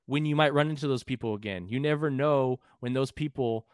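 A man's voice: medium pitch, brisk, clean tone, dry recording, studio quality. A man from Texas, a podcast guest and musician, telling a story casually, profane and rambling with frequent restarts. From San Antonio, Texas.

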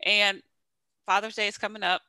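A woman's voice: medium pitch, little pitch movement, normal speed, bright, forceful tone, clean tone, no room sound. A woman podcast co-host chatting casually and teasing her friends. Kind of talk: casual chat.

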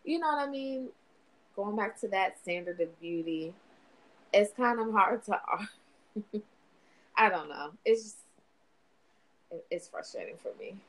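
A woman's voice: mid-range voice, expressive, a little slow, pauses often, a bit bright, rough recording. A woman in casual chat, talking candidly with frequent swearing and laughter. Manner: candid and profane, laughing often.

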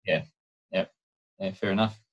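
A man's voice: low-pitched, moderate pace, highs cut off. Chatty Australian man co-hosting a podcast. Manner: joking, rambling storyteller. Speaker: podcast co-host. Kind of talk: casual chat.

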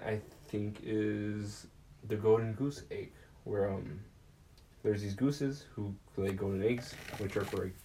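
A young man casually recapping a film as a podcast host, rambling and profane, breaking into quick voiced impressions of the characters. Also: lowish voice, warm tone, a little hiss or hum, rough recording.

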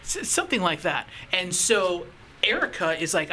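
Bright-voiced woman telling a story. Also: fairly low pitch, normal speed. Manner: storytelling, animated retelling. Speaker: podcast co-host. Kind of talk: casual chat.

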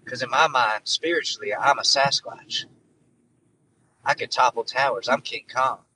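Brief: man doing a mid-pitched, rambling, boastful ex-president, slightly off-mic. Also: moderate pace, sharp tone, far from the mic, slight background noise, lightly acted, low-quality recording. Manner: rambling, self-incriminating boasts. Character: joking impression of a former US president, boastful and sly.

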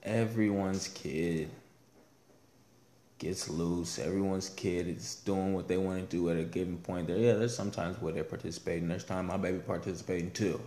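A man's voice: sits low, fairly even intonation, normal speed, dark tone, reverberant. A man chatting casually about his daughter, laid-back and playful, with slangy talk. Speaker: dad. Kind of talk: casual chat.

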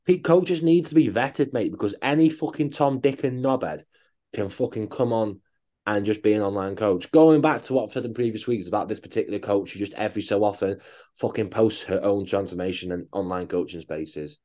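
A man's voice: lowish voice, brisk, mellow. A man co-hosting a coaching podcast, ranting bluntly and swearing in casual chat.

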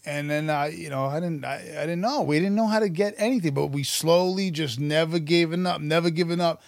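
A man, telling stories about his past in an animated, profane, casual interview. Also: a little high, brisk, creaky, no room sound. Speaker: podcast guest, musician and actor.

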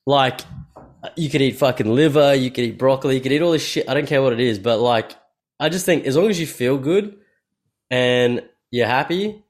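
Man, mid-pitched voice, podcast host, rambling and profane in casual chat. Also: moderate pace. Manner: rambling, profane, thinks aloud.

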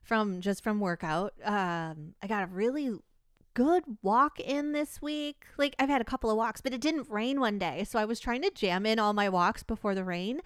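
A woman's voice: mid-range voice, moderate pace, clean tone, no room sound, clean studio sound. A woman co-hosting a casual podcast, chatting in a rambling way and laughing often as she tells stories. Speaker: podcast co-host. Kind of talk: casual chat.

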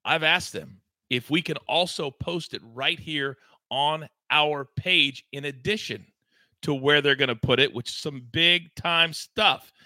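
High, bright-voiced hyped male host. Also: measured pace, no room sound. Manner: hyped, promotional, emphatic. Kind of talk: energetic sports betting show chat.

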